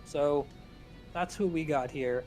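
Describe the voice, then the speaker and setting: A man's voice: a little high, takes it slowly, mellow, faint music behind. A man with a New Jersey accent co-hosting a podcast in casual chat, joking and swearing freely. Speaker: podcast co-host.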